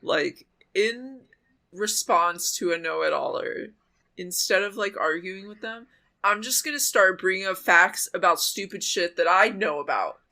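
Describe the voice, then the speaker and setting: Bright playful podcast woman. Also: on the low side, animated, unhurried, creaky. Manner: playful, enthusiastic, swears. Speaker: podcast co-host. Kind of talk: casual chat.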